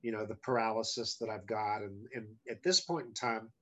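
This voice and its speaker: A man's voice: on the low side, fairly even intonation, brisk, bright, forceful tone. A middle-aged man, a podcast guest, telling a story casually in a blunt, candid way, with wry humor about hard times. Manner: blunt, candid, often profane; self-deprecating humor about hardship.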